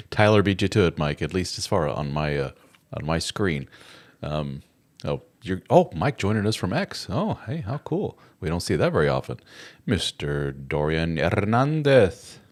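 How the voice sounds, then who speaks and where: A middle-aged man with a deep, low-pitched voice hosts a casual live stream. His delivery is lively and full of swings in pitch. He is chatty and jokey as he greets viewers and reads out their comments. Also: normal speed. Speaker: host of a live chat show.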